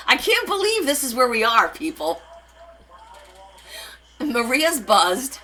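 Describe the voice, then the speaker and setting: Woman doing a live craft stream, talks slow and easy, really bright voice, lots of ups and downs. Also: on the high side, big pitch swings, low-quality recording. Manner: chatty, giggly, reads and answers viewer comments. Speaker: craft livestream host. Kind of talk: casual live demo chat with viewers.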